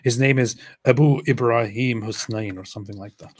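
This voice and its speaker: A man's voice: medium pitch, steady tone, fairly quick, slight background noise. A man co-hosting a live stream, reading viewer comments aloud and commenting sarcastically. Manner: sarcastic, mock-reverent reading. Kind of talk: casual live-stream chat.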